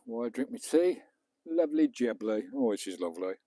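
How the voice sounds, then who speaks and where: An Englishman chatting on a casual live stream from a beach and his camper van, his voice mellow and relaxed. He talks to viewers as he potters about, with the odd casual swear. He is recorded on a small clip-on mic. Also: medium pitch, moderate pace, no room sound. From England. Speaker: vlogger. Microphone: small clip-on mic, distance varying.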